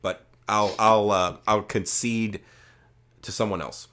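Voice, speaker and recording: A man's voice: lowish voice, steady tone, takes it slowly, a bit bright. A man co-hosting a podcast, retelling movie scenes in a rambling, profane, casual way with lots of filler words. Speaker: podcast co-host. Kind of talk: casual movie review chat.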